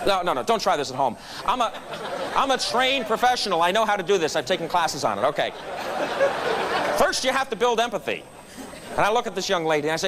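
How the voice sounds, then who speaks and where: A man's voice: sits high, fairly quick, long pauses, a loud crowd, very noisy. A middle-aged man giving a storytelling speech at a club meeting, acting out the people in his story. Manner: animated, acts out quoted voices. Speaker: guest speaker at a club meeting. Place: meeting room.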